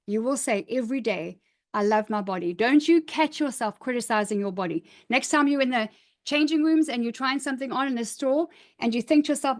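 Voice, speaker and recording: A middle-aged woman coaching a live online workshop, upbeat and emphatic, encouraging participants as she reads out their comments. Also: high-pitched. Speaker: image coach.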